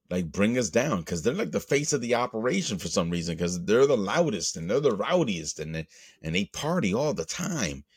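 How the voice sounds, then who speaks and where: A Latino man hosting a podcast, rambling through a profane, animated rant with the odd put-on voice. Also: sits low, no room sound, clean studio sound. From Latino, grew up in the US. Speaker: podcast host. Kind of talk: casual monologue.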